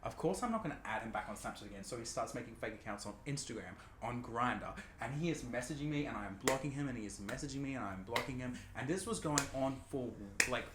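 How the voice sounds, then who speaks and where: A man's voice: mid-range voice, expressive, fast talker, hardly any pauses. A young man co-hosting a podcast, telling a story in a dramatic, profane way. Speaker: podcast co-host. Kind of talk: casual podcast chat. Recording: echoey room with faint noise.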